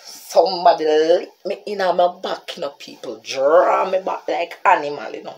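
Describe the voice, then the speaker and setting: A woman with a Jamaican accent tells a story on her vlog in a fairly low voice at normal speed. She's animated and keeps calling her viewers "people."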